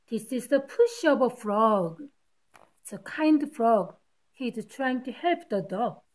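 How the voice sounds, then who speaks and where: A woman teacher reading a picture book aloud to children, patiently stopping to point out the rhyming words. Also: sits high. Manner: patient, explains each rhyme to kids.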